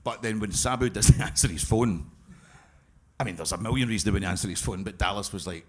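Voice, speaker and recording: A Scottish man with a husky voice, chatting on a live podcast stage. He talks with eager fan enthusiasm and swears freely. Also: on the low side, fairly quick, darkish tone. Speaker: podcast co-host. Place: brewery event space with live audience.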